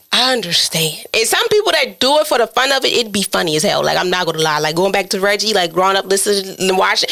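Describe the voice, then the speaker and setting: A woman in her twenties hosting a podcast in casual chat, talking in an animated, chatty way and acting out her own inner voice. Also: fairly high pitch. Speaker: podcast host.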